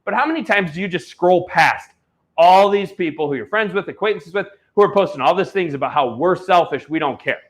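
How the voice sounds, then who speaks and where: A man's voice: sits high, animated, fairly quick. A man hosting an online auction stream, talking in a blunt, heated, salesy way. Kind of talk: live-stream product pitch with ranting.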